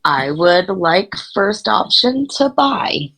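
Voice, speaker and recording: A woman playing a blunt, crude, short female adventurer in a tabletop game, sharp-tongued and swearing freely. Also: mid-range voice, sing-song, takes it slowly, slightly rough, heavily acted, rough recording. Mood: firm.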